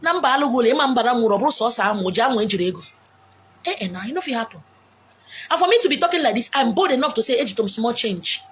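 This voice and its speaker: A woman with a Nigerian Igbo accent giving blunt, forceful relationship advice outdoors, mixing English, Pidgin and Igbo. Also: fairly high pitch, animated, rapid-fire. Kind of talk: outdoor monologue. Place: beach outdoors.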